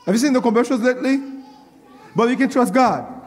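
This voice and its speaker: A man's voice: extremely high pitch, a little fast, in a large hall. A male pastor preaching a sermon, repeating his lines and working himself up with call-and-response.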